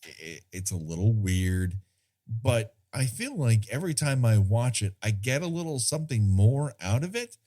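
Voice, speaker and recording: A man's voice: lowish voice, very animated, normal speed, mellow. A man co-hosting a podcast, chatting casually about a film, rambling and searching for words. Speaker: podcast co-host.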